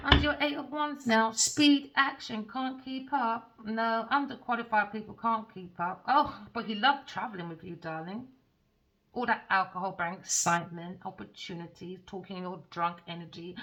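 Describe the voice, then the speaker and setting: A woman's voice: mid-range voice, moderate pace, sharp tone, rough recording. A woman giving a tarot reading in a scornful, profane and theatrical way. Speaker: tarot reader.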